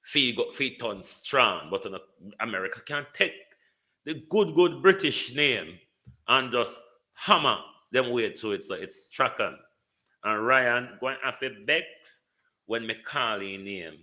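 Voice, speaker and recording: A man's voice: medium pitch, expressive, a little slow, pushed and bright. A man with a Jamaican accent hosting a live stream, giving casual political commentary, greeting viewers by name and repeating words for emphasis.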